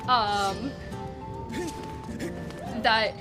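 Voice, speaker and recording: Slow-talking chatty woman streamer. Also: medium pitch, steady tone. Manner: chatty and rambling, laughs often. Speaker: speedrunner streaming a game. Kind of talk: casual chat while playing. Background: game music.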